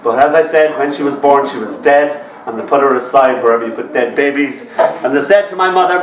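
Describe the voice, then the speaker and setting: A man's voice: medium pitch, a little fast, background noise. A man in his fifties with an Irish accent, telling comic stories and teasing his audience in a wry, chatty way. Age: 50s. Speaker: storyteller. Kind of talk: live comic storytelling. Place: bar. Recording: roomy sound from a distant mic.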